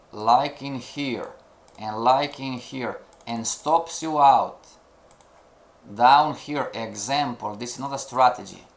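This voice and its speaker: This trading instructor, a man with a mid-range voice, is running a live trading lesson for students. Speaking English as a non-native, he occasionally gropes for the right word and repeatedly checks understanding through "you know" and rhetorical questions.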